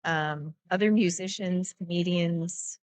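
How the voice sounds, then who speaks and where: A woman chatting casually as a guest co-commentator on a pool stream, telling relaxed stories. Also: fairly low pitch, slow, no echo. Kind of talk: casual chat.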